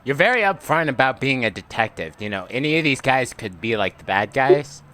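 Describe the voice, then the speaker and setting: A man's voice: medium pitch, sing-song, a little fast, pushed and bright, slight background noise, low-quality recording. A young man narrating a tabletop game as game master, casual and teasing, often stumbling over words.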